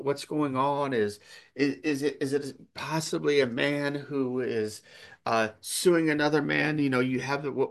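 A man's voice: mid-range voice, a bit bright. A man preaching a sermon earnestly, repeating phrases and restarting sentences as he works through a text. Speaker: pastor.

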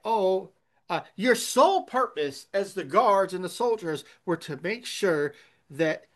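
A man pastor preaching a sermon, earnest and emphatic, asking rhetorical questions. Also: on the high side.

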